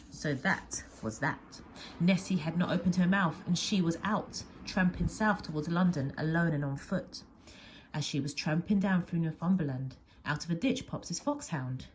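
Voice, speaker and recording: A woman's voice: fairly low pitch, normal speed, a little mellow, a little hiss or hum. A woman teacher reading a picture book aloud with expression, often dropping to a whisper. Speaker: primary school teacher.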